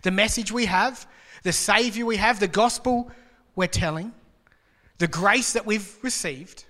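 Male preacher, higher pitched, loose conversational sermon with jokes, crisp forward tone. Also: unhurried, pauses often, sharp tone. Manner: conversational and joking, with rhetorical questions. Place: church hall. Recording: long reverb of a large hall.

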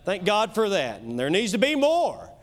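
A man with a Kentucky accent preaching a sermon as pastor, emphatic, swinging between loud and soft, with quick asides. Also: high voice, wildly swooping pitch.

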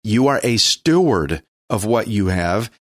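A man's voice: on the low side, sing-song, measured pace, a bit bright, dry recording, studio quality. A man from Texas with a Texan accent, teaching the Bible on a radio show in a casual, folksy, joking way, sometimes stumbling over names.

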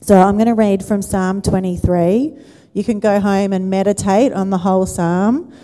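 Woman pastor, chatty sermon voice, mellow tone, long church-hall reverb. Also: medium pitch, steady tone, normal speed. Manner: warm conversational preaching with questions to the congregation. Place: church auditorium.

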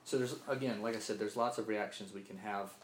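In an earnest sermon, a Mississippi preacher keeps repeating points and asking "right?" in a lowish, fairly even voice at a fairly quick clip. Slight background noise, faint ambience, and a roomy echo fill the recording.

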